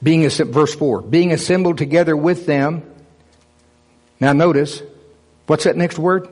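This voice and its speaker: A man's voice: a little high, a little slow, pauses often, darkish tone. A man preaching a Bible teaching sermon, emphatic, reading scripture aloud and putting rhetorical questions to his listeners. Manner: reads scripture aloud in King James wording.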